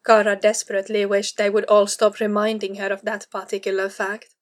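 A woman narrating a story aloud in a measured, even storytelling manner, as in an audiobook. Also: mid-range voice. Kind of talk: audiobook reading of fan fiction.

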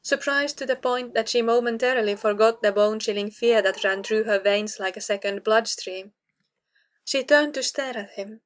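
A woman's voice: a little high, normal speed. Woman reading a tense fantasy scene. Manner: tense, dramatic reading with character dialogue. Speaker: audiobook narrator. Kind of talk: scripted narration of a fantasy novel.

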